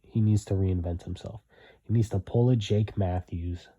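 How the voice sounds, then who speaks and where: A man's voice: on the low side, fairly even intonation, normal speed, dark tone, breathy edge, lo-fi sound. A young man giving blunt, repetitive opinion commentary, hammering his points home.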